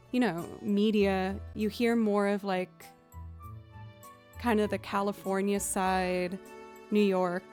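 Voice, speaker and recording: A chatty young woman from the Boston area with a Boston accent, talking casually to her livestream viewers. Her voice sits at a middle pitch, and she rambles along with lots of likes and you-knows. Faint music plays behind her. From Boston area, USA. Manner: chatty and animated, full of likes and you-knows, acts out her own excited quotes.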